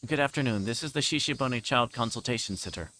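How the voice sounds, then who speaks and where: A man's voice: mid-range voice, fast, bright, forceful tone, slight background noise, lightly acted, poor audio. A man voicing a formal, insistent adult child-welfare caseworker on the phone.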